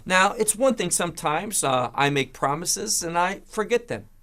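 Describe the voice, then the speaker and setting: A man's voice: high-pitched, lively intonation, normal speed, sharp tone. A man teaching a verse-by-verse Bible study, asking rhetorical questions and answering them himself, with an emphatic delivery.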